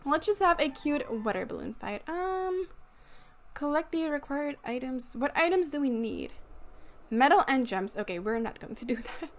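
Young woman streamer, high lively voice, giggly and gushing, casual game commentary. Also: normal speed. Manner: gushing, giggly, squeals at cute things. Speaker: gaming YouTuber. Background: fan noise.

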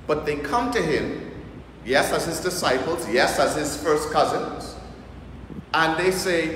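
A man's voice: a little high, lively intonation, slow, a bit bright. A male priest with a Bahamian accent preaching a sermon, joking and using local vernacular. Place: church. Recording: echoey church hall, faint noise.

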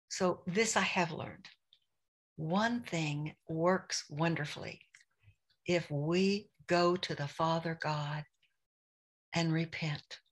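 Middle-aged woman, devotional speaker, unhurried and earnest, lower voice. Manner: earnest, confessional, speaks prayers aloud. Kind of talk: personal devotional talk.

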